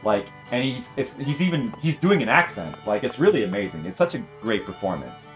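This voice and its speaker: A man's voice: mid-range voice, sing-song, a little fast. A man streaming a video game, chatting casually and enthusiastically with many fillers and restarts, and faint guitar music behind him. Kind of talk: casual commentary while playing.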